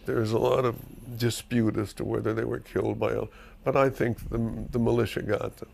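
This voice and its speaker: Gravelly older man telling stories. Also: medium pitch, moderate pace, slight background noise. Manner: animated storyteller, profane and emphatic. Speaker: screenwriter being interviewed. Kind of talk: candid interview storytelling.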